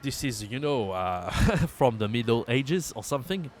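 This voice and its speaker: A man teaching a language lesson, patiently repeating words slowly for learners. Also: medium pitch, big pitch swings, slight background noise. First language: French. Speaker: French teacher.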